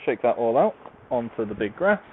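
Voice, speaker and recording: A podcaster reviewing a book series meanders through a casual, self-deprecating monologue while tidying a large open-plan room at home. His medium-pitched voice is sing-song and a little fast. The recording sounds tinny and phone-like, with faint noise.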